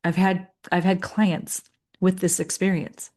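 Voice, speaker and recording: A middle-aged woman with a slightly low voice, giving a coaching session. She talks in an earnest, chatty way and slips into the voices of her clients as she goes. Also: little pitch movement, unhurried, a little mellow. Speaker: leadership coach.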